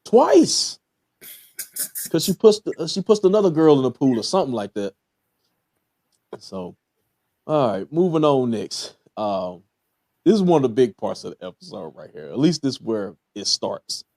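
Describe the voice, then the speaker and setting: A man's voice: medium pitch, very animated, normal speed, warm tone, no echo, studio quality. A man with a Southern US accent, casually hosting a TV episode review, talking in a laid-back way with many fillers and chuckling at his own jokes. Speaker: podcast host reviewing a TV episode.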